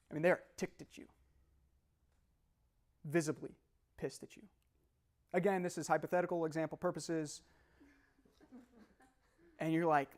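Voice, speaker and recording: A young man speaking live to an audience as a motivational speaker, animated and laughing, often throwing questions at the room. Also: a little high. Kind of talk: live seminar talk to an audience.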